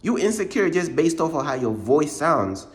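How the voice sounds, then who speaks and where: Slangy, emphatic man with a higher voice. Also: big pitch swings, moderate pace. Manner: repetitive, informal slang, says "bruh" a lot; emphatic, circles back to points. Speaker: ministry channel host. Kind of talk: casual motivational faith talk.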